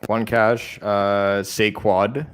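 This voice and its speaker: A man co-hosting a fantasy football show in casual chat, excitable and often stumbling and repeating words. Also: lowish voice, extremely slow, clear, resonant tone. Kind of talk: casual sports betting chat.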